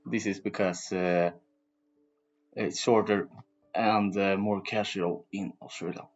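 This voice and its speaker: Brief: male student presenter, hesitant, slow, low voice, muffled. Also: steady tone, faint music behind. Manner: hesitant, many filler pauses. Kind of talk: reading a school presentation.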